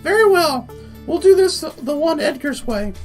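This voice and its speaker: A man voicing a sharp-tongued woman team leader in a high falsetto, reading a game's lines aloud. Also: animated, normal speed, soft background music. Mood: bossy. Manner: falsetto, bossy and clipped.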